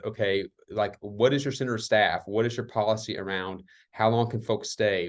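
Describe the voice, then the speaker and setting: A man speaking on an online community call, reflective and loose, with many fillers like "um" and "like". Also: fairly low pitch. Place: worked at retreat centers.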